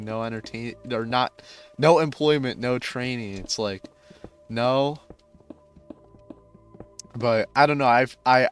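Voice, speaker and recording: A man's voice: medium pitch, a bit bright. A man in his twenties rambling casually with many filler words while playing a game.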